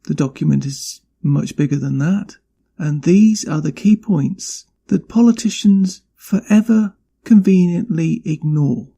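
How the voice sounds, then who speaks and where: A man's voice: fairly high pitch, measured pace, vocal fry, dark tone. A man hosting a podcast, delivering an indignant, emphatic political rant. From not from Canada. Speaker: podcast host. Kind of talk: angry political commentary.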